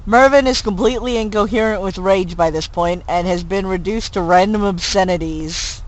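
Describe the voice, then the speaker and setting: A host reading a fanfic aloud with comic commentary, animated and switching between narration and character voices. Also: medium pitch, moderate pace, hardly any pauses, low-quality recording. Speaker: reader and host.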